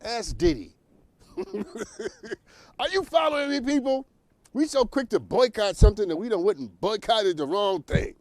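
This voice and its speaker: A man's voice: sits high, sing-song, moderate pace, darkish tone. A man from New York hosting a talk show, giving opinionated commentary straight to his viewers, often laughing at his own points.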